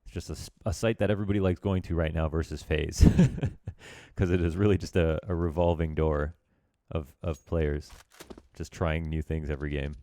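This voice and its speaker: A man's voice: extremely low pitch, steady tone, moderate pace, dark tone, no room sound. A man coaching viewers through a recorded match, talking in a loose, chatty way with lots of filler words and some self-mocking asides. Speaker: esports coach reviewing a match demo. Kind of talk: casual game analysis commentary.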